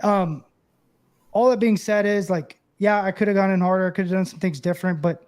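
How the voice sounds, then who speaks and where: A man with a high-pitched voice, chatting casually as an interview guest. He tells animated stories and slips into the voices of the people in them. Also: a little fast, clean tone. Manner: animated storyteller, acts out quoted voices. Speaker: former catcher and broadcast analyst guest.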